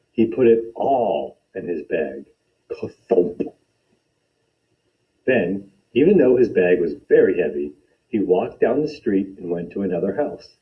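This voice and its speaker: A man reading a children's picture book aloud with expressive, animated storytelling. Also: low voice. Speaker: storytime reader. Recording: dull lo-fi recording.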